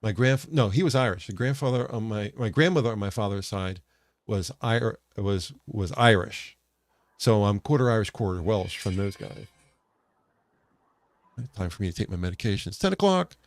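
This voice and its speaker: An American man with a lowish voice talks in a loose, rambling way, backing up to correct himself mid-sentence. The sound is dry and close, with no room around it. He sounds like a podcast co-host chatting casually. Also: animated, moderate pace, no room sound. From United States. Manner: rambling, with frequent self-corrections and restarts. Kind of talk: casual chat.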